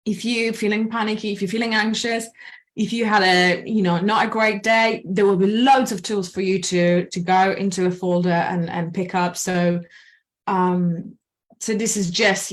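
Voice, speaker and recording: Woman, anxiety coach, casual presentation, animated, slow breathing counts. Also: mid-range voice. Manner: animated, acts out inner voices, slows for breathing counts.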